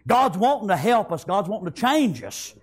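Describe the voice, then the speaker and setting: A man preaching a sermon, fervently repeating praise and amen and rising to shouts. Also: sits high, big pitch swings, moderate pace, breathy edge.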